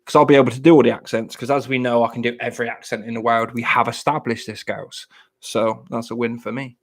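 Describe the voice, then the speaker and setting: A man's voice: mid-range voice, fairly even intonation, fast. A man, chatting casually on a live stream, joking and rambling as he answers viewers in the chat. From England.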